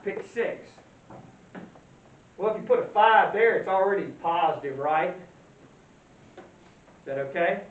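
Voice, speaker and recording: A man's voice: sits high, fairly bright tone. A male math teacher giving a classroom lecture in a folksy way, quizzing the class and answering his own questions. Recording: roomy, distant, dull lo-fi sound with faint hiss.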